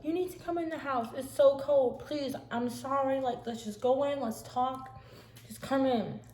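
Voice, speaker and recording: A woman voicing a frantic, tearful adult sister who pleads and yells in a high, shrill, loud voice. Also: unhurried. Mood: pleading tearfully. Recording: echoey room, faint hiss.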